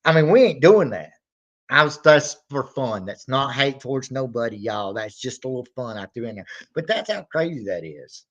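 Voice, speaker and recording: Man hosting a reaction show, rambling casual chat, mid-pitched voice, dull lo-fi sound. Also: sing-song, moderate pace. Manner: rambling, drawling, acts out skits with mock shouting. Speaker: reaction channel host.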